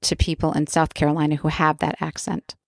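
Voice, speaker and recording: A woman co-hosting a podcast in casual chat, wry and unhurried, fond of big words. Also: deep voice, level tone, gravelly, no room sound, studio quality. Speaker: podcast co-host.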